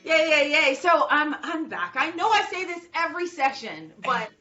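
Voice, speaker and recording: A bubbly woman podcast host with a bright, forceful voice pitched above average. She talks with bouncy, excitable energy and laughs often. Faint music plays under her. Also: moderate pace, lo-fi sound. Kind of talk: enthusiastic interview chat.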